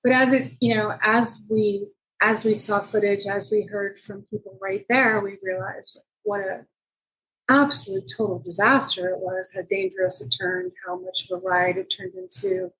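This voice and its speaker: A woman being interviewed about her reporting work tells a story in a lively, conversational way. She acts out what people said, and her voice jumps up in pitch when she quotes them. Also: normal speed, rough recording. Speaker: journalist guest.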